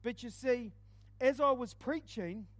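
A man preaching, telling a personal testimony in an animated storytelling way with quick dips into quiet asides. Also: very high-pitched, dry recording. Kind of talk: testimony sermon.

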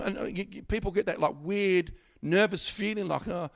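High-voiced animated preacher. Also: male voice, moderate pace, vocal fry. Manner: animated, swings from loud exhortation to quiet asides, stammering restarts. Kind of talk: sermon.

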